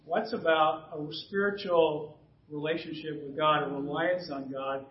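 A man preaching a sermon as pastor, conversational and often clearing his throat. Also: on the high side, steady tone, a little slow. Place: church sanctuary. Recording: distant roomy church recording, dull sound.

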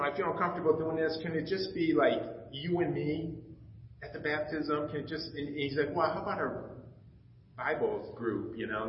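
A man's voice: medium pitch, slight background noise. Middle-aged man telling a heartfelt church story. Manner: storytelling, acting out dialogue, emotional. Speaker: pastor. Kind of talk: personal testimony in a sermon. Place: church sanctuary. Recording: echoey, slightly dull church recording.

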